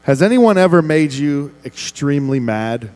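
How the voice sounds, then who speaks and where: A man preaching as a youth pastor, playfully wrangling a big room of students and often shouting. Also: fairly high pitch, big pitch swings, moderate pace. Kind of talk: youth ministry sermon.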